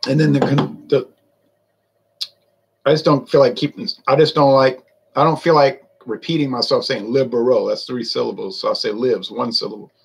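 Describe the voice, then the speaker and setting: A man's voice: mid-range voice, flat delivery, moderate pace, vocal fry, slightly rough. A man talking in a folksy, meandering way, with many fillers, while reviewing a drink on his vlog. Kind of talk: casual rambling monologue.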